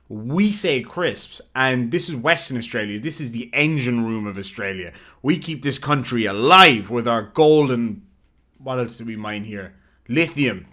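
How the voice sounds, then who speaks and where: A man hosting a casual livestream and reading viewer messages aloud, playfully combative and quick to swear. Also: mid-range voice, bright, forceful tone. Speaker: livestream host.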